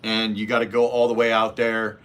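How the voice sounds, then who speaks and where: A man's voice: on the low side, completely flat delivery, fairly quick, fairly bright tone. A man hosting a casual livestream, reading chat and giving blunt, profane dating advice. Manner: blunt, profane, mimics voices in anecdotes.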